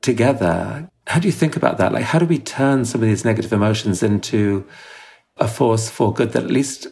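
Gravelly-voiced man asking gentle questions. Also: fairly low pitch, a little fast. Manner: tentative, polite questioning. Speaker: interviewer. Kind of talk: conversational interview.

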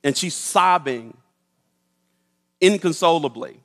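A man tells a story to an audience in an animated, expressive way and slips into the voices of the people he describes. His voice sits a little high for a man. The sound carries a long reverb, like a large hall. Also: takes it slowly, gravelly. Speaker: speaker telling a story to an audience.

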